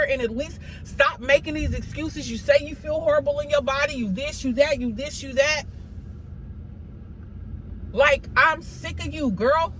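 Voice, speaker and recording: A woman's voice: high-pitched, fairly bright tone, slight background noise, rough recording. A woman giving an emphatic, repetitive motivational monologue, scolding herself and her viewers in a preachy tone. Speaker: motivational vlogger. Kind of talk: motivational self-talk monologue.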